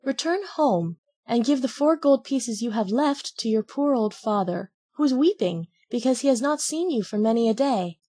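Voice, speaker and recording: A woman voicing the ghost of a little cricket, faint and otherworldly, giving gentle warnings. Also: on the high side, expressive, normal speed, few pauses, breathy edge, voice pushed up. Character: ghost of a tiny wise cricket.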